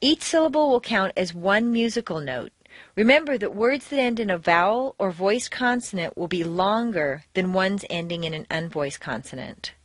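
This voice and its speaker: An American woman reads a pronunciation drill, giving each word its own slow, exaggerated stress. Her pitch climbs and falls widely over the syllables. The voice is a little breathy and sits close and dry on the mic. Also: expressive, no echo. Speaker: pronunciation teacher.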